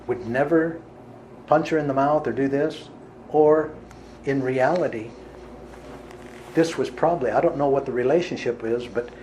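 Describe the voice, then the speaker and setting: A man's voice: mid-range voice, darkish tone, a little hiss or hum, poor audio. Earnest man telling a vivid story. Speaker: healer giving a talk. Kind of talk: storytelling talk to an audience.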